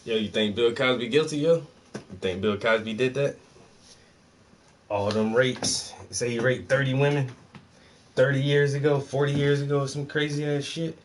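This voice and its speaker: A man's voice: medium pitch, fairly even intonation, normal speed, a little hiss or hum, pitched above the performer's own voice, natural voice. A man voicing a brash young guy gossiping in street slang, incredulous and profane.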